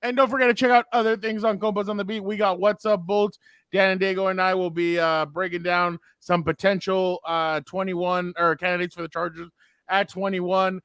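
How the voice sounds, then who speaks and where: A male podcast host closing the episode with casual promotional plugs and frequent filler pauses. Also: sits high, little pitch movement, fairly bright tone, clear, resonant tone, no room sound. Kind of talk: casual sports podcast outro.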